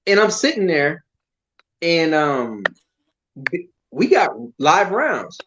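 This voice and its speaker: A man, an army veteran, telling war stories to old comrades in a casual, profane, animated way. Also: on the high side, slow, highs cut off, a little hiss or hum. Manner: profane, animated storytelling with acted quotes.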